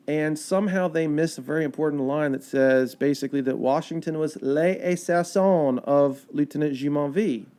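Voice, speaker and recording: A man narrates history as a podcast guest, lively and conversational, with plenty of fillers. His voice sits a bit high yet sounds mellow and relaxed. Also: clean tone. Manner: animated, chatty storyteller with fillers and quoted asides. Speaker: park ranger guest. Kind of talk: casual storytelling of history.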